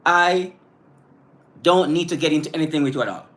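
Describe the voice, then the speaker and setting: On a live stream, a man with a fairly high, somewhat bright voice speaks fairly quickly about the value of positive self-talk. His casual, blunt manner is earnest, marked by frequent restarts and repeated words, and he stops now and then to say hello to viewers by name.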